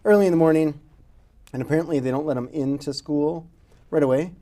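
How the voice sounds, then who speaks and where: A man's voice: a little high, brisk, warm tone. A middle-aged man hosting a podcast, telling stories in casual chat and laughing often. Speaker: podcast host.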